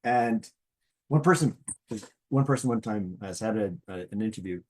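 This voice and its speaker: Husky, animated middle-aged man. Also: fairly low pitch, normal speed. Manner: animated, folksy, checks in with "okay?". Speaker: presenter. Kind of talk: motivational business presentation.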